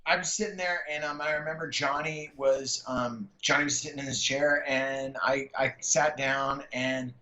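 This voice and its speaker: Excitable man rambling through a story, echoey. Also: mid-range voice, moderate pace, few pauses. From San Jose, California. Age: middle-aged. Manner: excited, rambling, many fillers and restarts. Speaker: guest comedian. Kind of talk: casual storytelling chat. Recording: echoey room, dull lo-fi sound.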